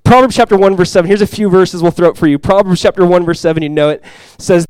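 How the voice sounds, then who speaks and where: Animated young man preaching a sermon. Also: high-pitched, fast talker, smooth, no room sound, low-quality recording. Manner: casual, animated storytelling with acted quotes. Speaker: pastor.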